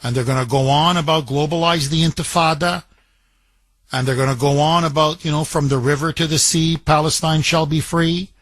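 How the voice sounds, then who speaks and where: A man's voice: a little high, fairly even intonation, normal speed, fairly bright tone, dry recording. Indignant male talk radio host. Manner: indignant, emphatic.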